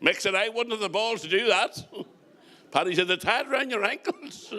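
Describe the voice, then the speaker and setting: A middle-aged man with a Northern Irish accent, working as comedian and compere, fires off stand-up jokes and quick punchlines while chatting with the crowd. His high voice is expressive, and there is heavy background noise.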